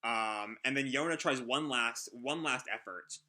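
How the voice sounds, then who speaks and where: A man's voice: medium pitch, measured pace, pushed and bright. A man hosting a live manga reading reaction, talking casually and hesitantly as he thinks aloud.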